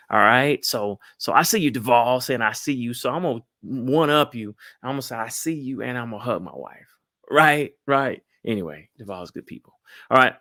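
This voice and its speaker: A man giving lively marriage advice to a crowd, folksy and animated, often calling out to the audience. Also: mid-range voice, no echo, studio quality. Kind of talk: lively talk to a live audience.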